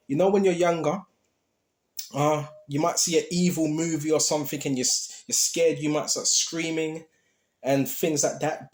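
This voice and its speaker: A man giving an informal Bible teaching in a conversational way, reading scripture aloud and often checking in with the listener. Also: on the high side. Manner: conversational, reads scripture aloud, often asks "right?" and "okay?". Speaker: preacher. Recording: roomy echo.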